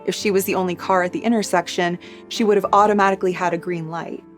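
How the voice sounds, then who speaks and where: A woman hosting a true crime channel, giving a steady, measured scripted narration. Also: lowish voice. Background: soft background music.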